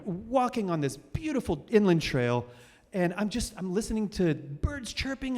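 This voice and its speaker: A man in his forties hosting a live storytelling show, rambling and self-deprecating, with many fillers and restarts. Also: high-pitched. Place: stage of a cultural center hall. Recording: reverberant live hall.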